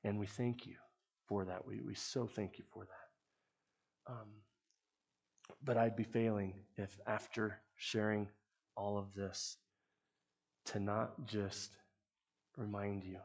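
Man, youth ministry sermon, earnest conversational preaching, husky. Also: fairly low pitch, level tone, slow pace, long pauses. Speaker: youth ministry leader speaking to supporters.

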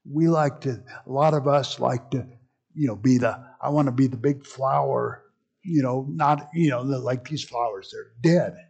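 A man's voice: medium pitch, normal speed, darkish tone, husky, muffled recording. A man preaching a sermon as pastor, teaching in a conversational way with frequent asides and explanations.

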